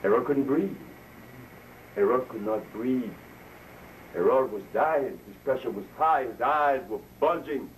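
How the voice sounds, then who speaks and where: A man's voice: medium pitch, measured pace. A man speaking casually to a live audience, telling stories, laughing at his own jokes and acting out the voices of people he quotes. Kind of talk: informal health talk to an audience. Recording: distant mic with faint noise.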